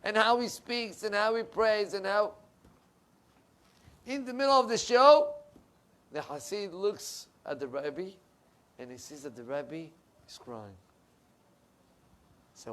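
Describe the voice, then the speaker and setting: Middle aged rabbi giving a sermon, fairly high voice, gets loud then drops way down. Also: male voice, unhurried, long pauses. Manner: animated, emphatic, swings from loud to soft. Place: synagogue.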